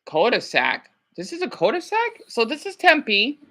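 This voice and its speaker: Woman vlogging, chatty and exclaiming a lot, bright voice swinging all over in pitch. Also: wildly swooping pitch, unhurried. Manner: chatty, talks to herself, frequent exclamations. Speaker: vlogger reacting to a news clip. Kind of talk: casual chat.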